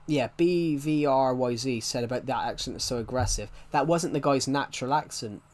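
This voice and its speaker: A man's voice: medium pitch, normal speed, a little mellow. Rambling young man streaming games. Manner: rambling, frequently restarting sentences. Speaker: game streamer. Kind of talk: casual live-stream chat while playing.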